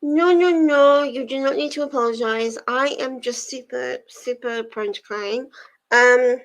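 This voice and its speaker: A young woman hosts a relaxed livestream and talks to her viewers in a chatty, rambling way. Her voice sits a little high. She takes her time over her words. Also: measured pace. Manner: chatty, rambling, answers chat messages. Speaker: livestream host of reading sprints. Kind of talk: casual chat with live viewers.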